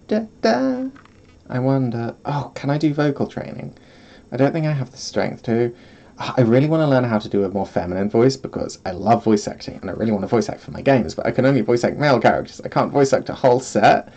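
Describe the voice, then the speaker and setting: A man's voice: medium pitch, a little fast, mellow. A man streaming from home, chatting casually in a rambling, self-deprecating way and often breaking into giggles. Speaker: vtuber streamer. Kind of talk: casual solo stream chat.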